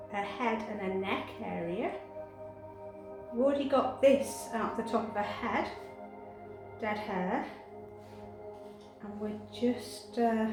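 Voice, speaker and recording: A woman grooming a cat, talking softly and coaxingly while explaining her work. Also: on the high side. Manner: soft, coaxing, chatty. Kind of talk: grooming commentary. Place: grooming room. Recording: echoey room with music behind.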